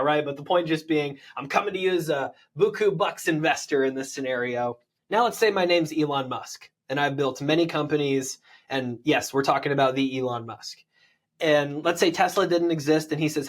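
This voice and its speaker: A man's voice: on the high side, fairly quick. Persuasive American man coaching on sales. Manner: energetic, persuasive, lots of "right?" tag questions. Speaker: land investor, podcast guest.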